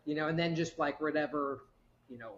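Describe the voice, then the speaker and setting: A woman's voice: low-pitched, little pitch movement, brisk, reverberant, muffled recording. A woman guest chatting casually, telling a rambling personal story and acting out the quoted voices. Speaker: guest, medical intuitive.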